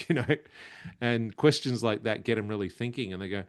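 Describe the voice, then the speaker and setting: A man guest comedian in casual interview chat, animated and laughing often as he acts out quotes. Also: lowish voice, fairly quick, clear, resonant tone. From Australia.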